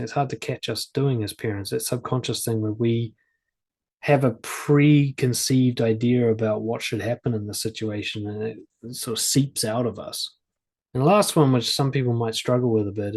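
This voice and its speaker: A man with a slightly husky voice sitting at middle pitch gives parenting advice straight to camera. He keeps it casual and plain-spoken and leans on everyday family examples. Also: a little mellow. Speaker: parenting and confidence coach.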